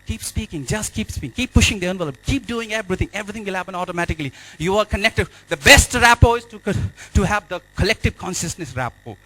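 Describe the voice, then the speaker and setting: A man with an Indian English accent giving an energetic motivational speech to an audience in a hotel event hall, repeating and urging his listeners on. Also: high-pitched, fast talker, hardly any pauses. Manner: energetic, repetitive, exhorting the audience. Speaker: life and business coach.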